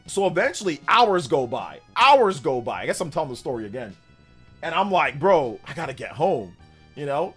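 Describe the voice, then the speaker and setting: A man in his thirties, hosting a livestream and telling a childhood story in a casual, animated way. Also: on the high side, slightly rough. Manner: animated, with exaggerated voices for quoted people. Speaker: livestream host.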